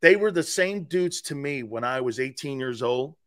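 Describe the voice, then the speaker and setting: Animated, emphatic man in his fifties. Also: medium pitch, normal speed. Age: 50s. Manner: animated and emphatic, with loud outbursts and repeated words. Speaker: guest, former player and sports radio host. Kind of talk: casual podcast interview.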